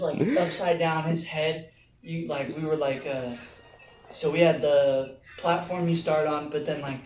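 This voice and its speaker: Low-voiced woman in a roomy, noisy room. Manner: animated, lots of fillers, acts out yelled quotes. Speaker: storyteller. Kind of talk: casual group chat, storytelling. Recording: roomy distant mic with noise.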